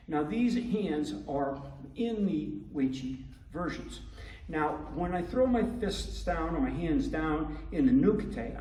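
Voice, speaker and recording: A man explains martial arts technique in a measured, instructive way, often pausing to check in. His voice sits a little high and comes across far from the microphone, in a roomy, echoing training hall. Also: a little mellow. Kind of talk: demonstration teaching.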